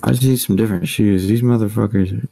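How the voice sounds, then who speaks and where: A man's voice: on the low side, fast, vocal fry, crowd noise. A young man joking and swearing in casual chat during a game stream. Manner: animated, profane, joking.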